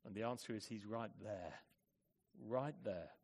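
A man preaching a sermon, moving between hushed, measured reflection and loud, forceful emphasis. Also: fairly low pitch.

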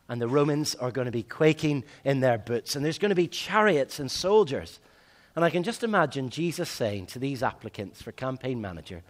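A man preaching a sermon, swinging between loud emphatic lines and hushed, slow ones. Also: medium pitch, animated.

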